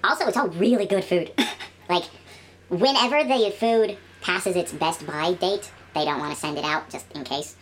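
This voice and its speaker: A woman chatting casually in a studio, telling animated stories and trailing off into quiet mumbled asides. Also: lowish voice, moderate pace, slight background noise. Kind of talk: casual chat.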